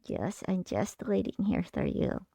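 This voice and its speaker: Sleepy, deadpan monster co-host, voiced by a woman: heavy gravel in a mellow, close, dry sound. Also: medium pitch, a little slow, no echo, full character voice. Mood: droll. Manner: drowsy, dry, gently sarcastic. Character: sleepy purple monster puppet co-host, male.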